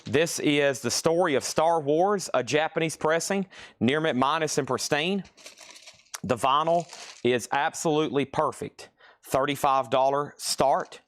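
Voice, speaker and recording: A man hosting a live online record sale, rattling off prices and bids in rapid salesman patter, with audible nose breathing on a close mic. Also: a little high, fairly bright tone. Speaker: live-stream auction host. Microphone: mic right next to his mouth.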